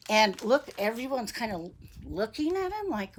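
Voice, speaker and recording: A woman reading a picture book aloud to young children, gentle and chatty, asking them questions. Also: fairly high pitch, big pitch swings, a little slow, a little hiss or hum. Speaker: storybook reader for young children.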